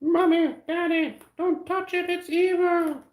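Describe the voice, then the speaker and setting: A man's voice: very high voice, fairly even intonation, unhurried, reverberant, pitched above the performer's own voice. A man putting on the voice of a frightened little child who pleads shrilly. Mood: scared.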